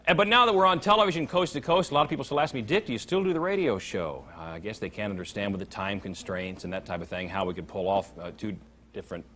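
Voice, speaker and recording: A man's voice: on the low side, lively intonation, fast, bright, forceful tone, slight background noise. A man hosting a late-night variety show, delivering jokey, showman announcer patter in a TV studio. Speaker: talk show host. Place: TV studio with live audience.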